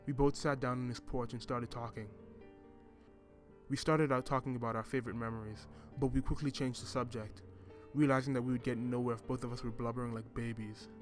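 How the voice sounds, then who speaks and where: A man reading a first-person story in a measured, reflective way. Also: medium pitch, flat delivery. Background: music.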